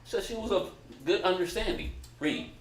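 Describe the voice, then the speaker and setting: A man with a high voice leads a Bible study class at normal speed, explaining a passage casually and calling on others to read. He keeps it conversational, directs readers, and restarts often. A little hiss or hum sits under the roomy echo of the recording.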